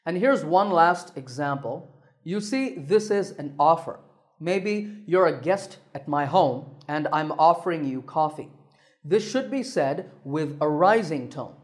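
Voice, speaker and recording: A man teaching English pronunciation in a clear, deliberate scripted lesson, slowing down to sound out example words. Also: fairly high pitch.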